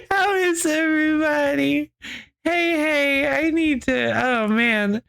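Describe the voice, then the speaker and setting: A bubbly woman streamer in relaxed chat with her viewers. Her voice sits a touch high and she tells her story in an animated, tumbling way, full of restarts and giggles. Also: takes it slowly, gravelly. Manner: reads chat aloud. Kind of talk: casual chat.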